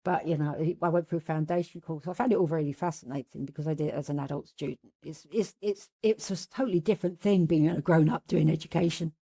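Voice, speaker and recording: A woman's voice: low-pitched, fast, hardly any pauses, dark tone, slightly rough. A woman with a London accent chatting casually, often stumbling and repeating words. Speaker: podcast regular. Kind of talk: casual group chat.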